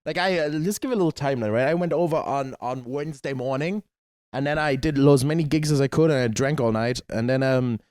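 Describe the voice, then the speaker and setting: A man's voice: mid-range voice, fast, a little mellow, no room sound, clean studio sound. A man co-hosting a podcast in casual chat, joking and swearing as he tells festival stories. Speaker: podcast co-host.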